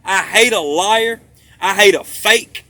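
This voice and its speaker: A man's voice: high-pitched, slow, creaky, sharp tone, no room sound. A man talking in a rambling monologue, emphatic and profane, repeating himself for stress.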